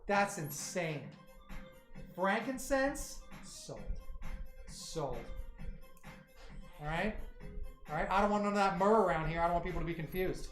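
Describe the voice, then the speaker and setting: A man hosting a livestream, rambling excitably as he chats with his viewers. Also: high voice, fast talker. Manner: excitable, rambling, talks to chat. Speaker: livestream host. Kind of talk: casual livestream chat. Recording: roomy echo, faint music.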